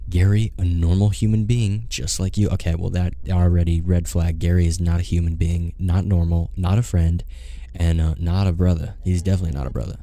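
A young man commenting casually on a horror game as he plays, swearing a lot, getting excited and reading in-game notes aloud. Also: sits low, gravelly. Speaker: gaming YouTuber.

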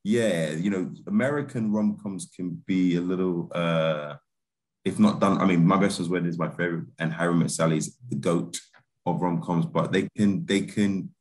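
Deep-voiced relaxed man. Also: moderate pace. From Britain. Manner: laid-back, laughs easily, many restarts and fillers. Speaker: film director and actor, interview guest. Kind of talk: casual interview chat.

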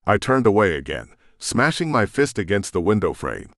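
A man's voice: on the low side, very animated, normal speed, no echo, clean studio sound. A man narrating a romance audiobook in first person with dramatic, intense storytelling.

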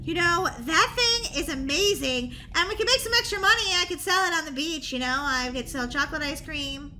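A woman voicing an excitable, goofy schoolgirl who stammers and panics in a roleplay voiceover for a game video. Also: sits high, fairly quick, a little hiss or hum. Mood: silly. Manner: stammering, breathless and jumpy.

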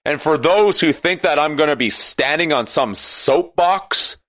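Ranting man, slow and deliberate, sarcastic edge, dry close sound. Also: fairly high pitch, lively intonation, no room sound. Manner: ranting, sarcastic, rises to shouting. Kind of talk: impassioned monologue.

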